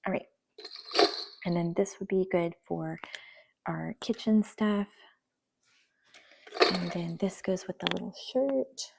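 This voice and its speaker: A young woman from the talks in a relaxed, chatty way as she goes through toys. Her voice sits low with a gravelly edge, and many of her phrases fade into near-whispers. Faint background noise runs under the recording. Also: slow pace, long pauses. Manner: chatty, soft, often trailing into near-whispers. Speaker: vlogger. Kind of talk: casual voice-over while decluttering.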